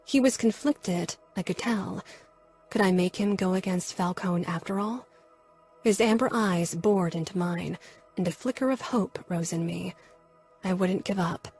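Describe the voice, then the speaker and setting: A woman narrating an audiobook in the first person with a soft, measured storytelling manner. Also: medium pitch, husky.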